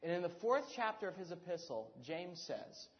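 A pastor telling a story and preaching a sermon to a congregation, animated and lively, addressing them directly. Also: male voice, high-pitched, moderate pace, dull audio. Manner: storytelling, animated, asks the congregation to call out answers. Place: church hall before a live congregation.

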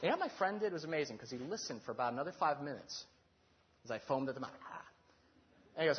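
Animated male preacher telling a story. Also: fairly high pitch, fast, long pauses, a little hiss or hum. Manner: animated, acts out quoted dialogue. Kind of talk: storytelling sermon. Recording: dull lo-fi recording.

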